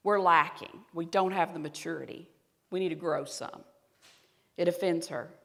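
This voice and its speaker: A woman pastor with a Southern US accent delivers a conversational sermon in a fairly low voice. She talks to the congregation and at times drops to soft, intimate tones. The sound rings with the long reverb of a church hall. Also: moderate pace.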